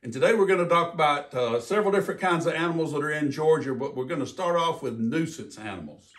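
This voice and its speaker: An older man, a retired game warden giving a folksy, animated talk about wildlife for kids. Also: a little high, recorded from a distance.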